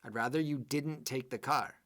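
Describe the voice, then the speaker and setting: A man's voice: medium pitch, normal speed, a bit bright, lightly acted. Cautious father saying no politely, as a male teacher quotes him, plain voice. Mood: reluctant. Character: cautious father politely refusing his son.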